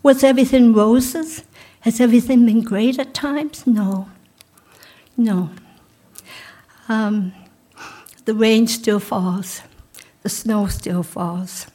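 A middle-aged woman pastor giving a sermon in a church, speaking slowly and softly, sometimes dropping almost to a whisper. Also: on the high side, steady tone. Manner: slow, soft, drops into near-whispers on key lines.

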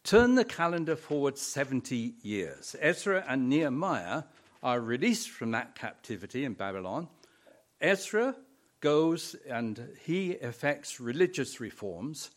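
Slow, lively-voiced man preaching a sermon. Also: medium pitch. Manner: storytelling with wry humor and emphatic repetition.

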